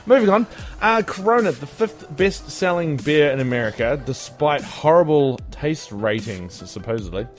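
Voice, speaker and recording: A man's voice: fairly high pitch, animated, normal speed, soft background music. A man hosting a casual podcast, reading odd news headlines and laughing at his own bad dad jokes. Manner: jokey, tells groan-worthy dad jokes and laughs at them. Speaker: podcast host. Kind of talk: casual comedy podcast chat.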